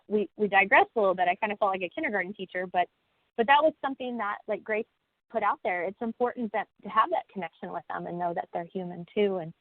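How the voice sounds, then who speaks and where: A woman's voice: medium pitch, dry recording. A woman who teaches college classes in the United States, speaking on a webinar panel in a folksy, conversational way with many fillers and restarts, heard over a video call. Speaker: college instructor. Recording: tinny phone-like, dry audio.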